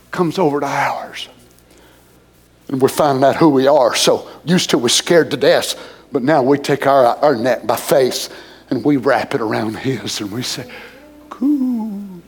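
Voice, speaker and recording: A man preaching and praying with fervor, swinging between soft murmured prayer and loud high exclamations. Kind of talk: emotional sermon and prayer.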